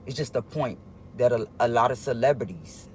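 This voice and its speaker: Man, mid pitch, casual livestream talk: rambling, halting, confiding with viewers, faint background hum. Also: expressive, a little mellow. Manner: rambling, halting, with many restarts; earnest, confiding tone addressing viewers.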